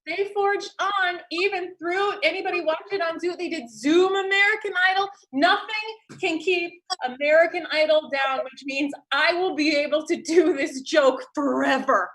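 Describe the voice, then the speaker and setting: A woman's voice: very high-pitched, lively intonation, a little slow, a bit bright. A woman comedian doing a giggly, self-deprecating stand-up set over a video call.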